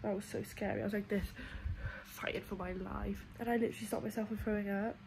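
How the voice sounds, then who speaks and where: A woman's voice: mid-range voice, flat delivery, quick pace, gravelly. Young woman, post-surgery vlog, chatty and emotional, hospital room, noisy phone recording. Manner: chatty, emotional, laughs often. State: recovering from nose surgery. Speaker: vlogger. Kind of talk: casual vlog to camera. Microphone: phone camera.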